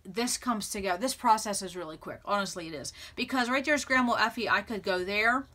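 A woman hosting a scrapbooking video, chatting excitedly and thinking aloud as she arranges papers, laughing often. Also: medium pitch, brisk. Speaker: scrapbooking channel host. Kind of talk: casual crafting tutorial chat.

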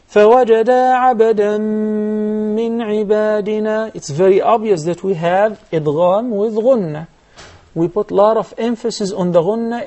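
A man teaching recitation rules on a TV lesson, explaining step by step and chanting verses slowly. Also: high voice, a little mellow, slightly rough. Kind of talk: televised recitation lesson with live callers.

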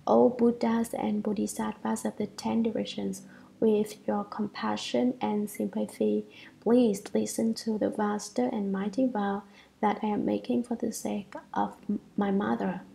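A woman's voice: medium pitch, flat delivery, unhurried, gravelly, warm tone, slight background noise, low-quality recording. A woman reading the part of a devout young woman who solemnly and pleadingly makes a vow.

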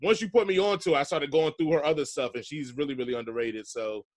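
A man hosting a podcast in relaxed, slangy casual chat, laughing often. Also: a little high, fast talker. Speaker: podcast host.

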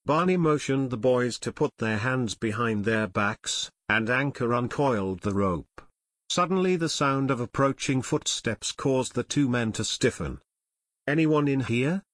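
Narrating a scripted adventure audiobook, a man speaks steadily and with measure at a medium pitch. His recording is clean, studio-quality, and free of room sound.

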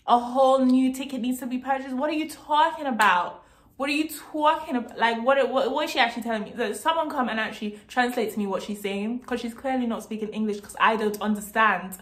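Young woman on a storytime vlog, high-pitched, fired-up and indignant, swears often, roomy echo on the track. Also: brisk. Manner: indignant, animated, swears freely. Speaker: vlogger telling a story. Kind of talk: casual storytime monologue.

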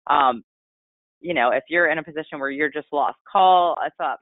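A man giving a casual, rambling product training talk over a conference call, in a delivery he calls monotone. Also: on the high side, a little fast, dry recording. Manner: chatty, rambling, self-described monotone. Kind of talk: casual webinar presentation. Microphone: conference call line. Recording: tinny phone line, dry.

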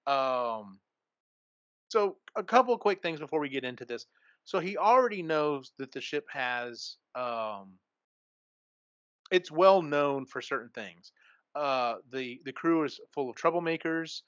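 On a podcast, the man hosting talks loosely through the story of a book, stumbling through fillers and starting over often. He speaks expressively at a measured pace in a fairly high, somewhat bright voice, and the recording is dry, dull, and lo-fi.

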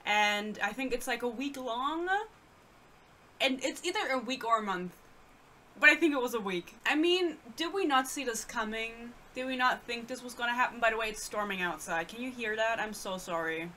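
Ranting young German woman, bright voice. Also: a little high, moderate pace, a little hiss or hum. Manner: sarcastic, ranting, reads excerpts aloud. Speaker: book reviewer. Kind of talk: casual rant.

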